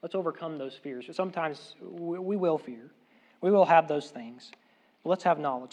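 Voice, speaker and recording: A man preaching a sermon in an earnest way, repeating key phrases and swinging between loud emphasis and quiet asides. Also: on the high side, normal speed. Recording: dull, lo-fi sound.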